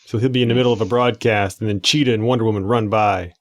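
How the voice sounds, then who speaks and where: A man's voice: lowish voice, fairly even intonation, fast. A man co-hosting a podcast in casual comedic chat, laid-back and loose, reading out answers and cursing now and then. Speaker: podcast co-host.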